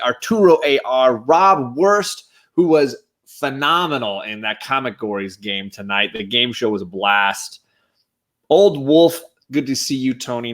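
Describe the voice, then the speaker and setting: Man, casual live-stream chat, excited shout-outs, mid-pitched voice. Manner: enthusiastic, animated shout-outs. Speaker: guest co-host.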